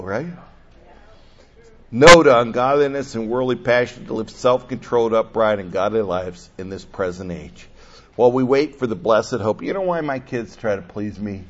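An older male pastor preaching a sermon, animated, swinging between loud bursts and soft asides. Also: lowish voice. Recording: dull lo-fi sound.

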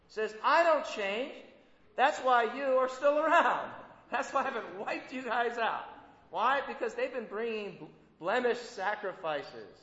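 A man's voice: extremely high pitch, lively intonation, unhurried, pushed and bright. A man preaching a sermon in a conversational way, often putting rhetorical questions to his listeners. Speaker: pastor. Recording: echoey hall, dull lo-fi sound.

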